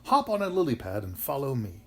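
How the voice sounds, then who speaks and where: A father plays the kindly moon, speaking gently to comfort a lost child. The reassuring lines have a gravelly edge and a lively rise and fall. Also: medium pitch, fairly quick. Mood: soothing. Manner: warm, soothing and reassuring.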